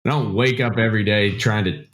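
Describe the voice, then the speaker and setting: Man, low voice, casual, filler-heavy chat. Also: fairly even intonation, fairly quick, fairly bright tone. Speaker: podcast co-host. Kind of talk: casual book-club chat.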